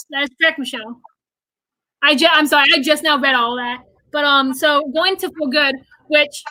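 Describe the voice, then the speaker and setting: Bright, fast-talking excited young woman. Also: high-pitched, no room sound, poor audio. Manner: fast, excited, stumbling over words. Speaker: guest, theater fan. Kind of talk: excited livestream chat.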